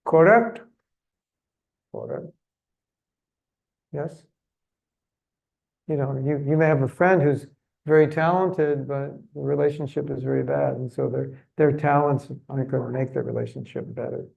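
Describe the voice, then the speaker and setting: Gravelly-voiced man teaching. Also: medium pitch, a little slow, long pauses, narrow, tinny audio. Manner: conversational, humorous, self-deprecating. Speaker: seminar speaker. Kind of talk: religious seminar talk.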